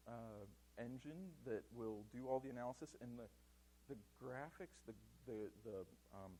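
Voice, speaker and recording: Lively man giving a conference talk. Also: medium pitch, breathy edge, poor audio. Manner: animated, self-deprecating, many fillers. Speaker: conference speaker. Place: conference hall.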